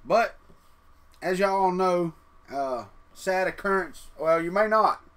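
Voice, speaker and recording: A man's voice: high voice, takes it slowly, fairly bright tone, clean tone. A man, hosting a casual livestream from his trailer home and chatting folksily with viewers. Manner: folksy, talks straight to chat. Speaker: 3D printing livestream host.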